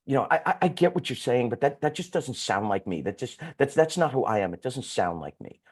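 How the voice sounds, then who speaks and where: A man's voice: medium pitch, big pitch swings, husky. A man quoting a hesitant young woman trainee who halts and doubts herself. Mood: doubtful. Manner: halting, doubtful.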